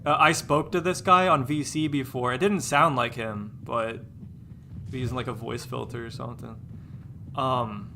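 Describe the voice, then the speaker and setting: A man's voice: medium pitch, steady tone, normal speed, gravelly, noisy background. A man live-streaming a game, chatting casually and rambling, restarting his words and sounding exasperated and dismissive.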